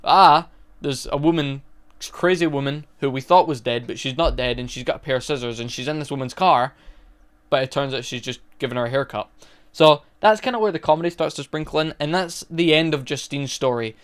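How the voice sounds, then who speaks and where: A man's voice: a little high, fairly quick, clean tone. A young man casually retelling a movie's plot for a review, rambling along with restarts and fillers. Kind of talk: casual spoken film review.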